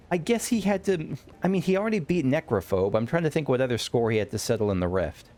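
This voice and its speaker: A man's voice: medium pitch, expressive, quick pace, few pauses, darkish tone. A man giving casual let's play commentary, rambling and correcting himself with wry asides.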